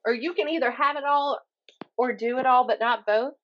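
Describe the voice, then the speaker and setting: A woman from Mississippi with a Southern accent, a YouTuber chatting as a guest on a podcast, animated and self-mocking, acting out the voices she quotes. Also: high voice, normal speed, muffled recording. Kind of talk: casual podcast chat.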